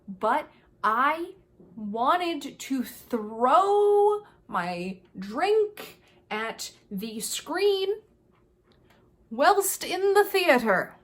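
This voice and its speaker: Vlogger woman, fairly high voice, animated and exasperated casual rant. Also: drawn-out words. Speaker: video creator. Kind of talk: casual review vlog.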